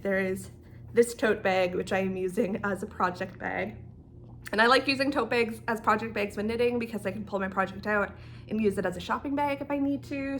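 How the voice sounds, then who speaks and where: Bright-voiced young woman telling a story. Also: mid-range voice, a little hiss or hum. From Canada. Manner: animated, laughing, acts out quoted dialogue. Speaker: knitting vlogger. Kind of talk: casual storytime.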